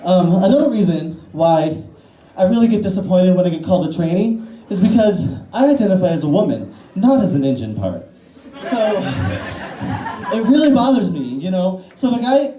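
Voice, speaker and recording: A trans woman in her twenties does a crude, self-deprecating stand-up set on a small cafe-bar stage, rambling with fillers. Her voice is fairly low and dark-toned, very animated, at a moderate pace, and the bar room sounds echoey.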